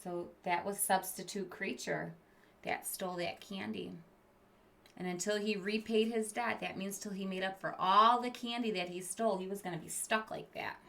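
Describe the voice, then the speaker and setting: A woman's voice: mid-range voice, fairly even intonation, normal speed, gravelly, fairly bright tone. A woman teacher reading a picture book aloud to children. She stops to explain words, asks the kids questions and drops into whispered asides.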